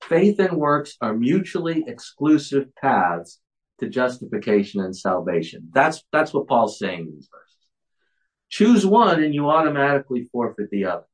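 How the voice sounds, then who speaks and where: Animated man preaching from a commentary. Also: medium pitch, normal speed, rough recording. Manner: animated, repeats words when starting sentences. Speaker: pastor. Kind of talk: sermon reading from a commentary.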